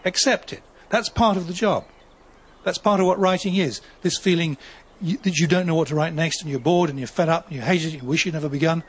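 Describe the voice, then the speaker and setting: A novelist talking about the craft of writing in a measured, wry way. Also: male voice, on the high side, breathy edge. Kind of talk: reflective talk on writing.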